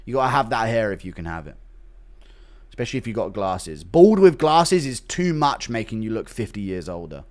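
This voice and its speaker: A man's voice: fairly low pitch, brisk. A man hosting a livestream, reading chat donations and ranting with heavy swearing. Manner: profane, ranting, animated. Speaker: livestream host.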